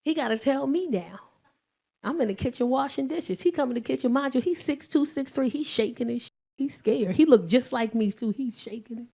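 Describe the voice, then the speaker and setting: A woman in her forties with a high voice delivers stand-up comedy. She tells a story with animated energy, peppers it with profanity and breaks into loud shouts. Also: moderate pace, vocal fry. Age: 40s.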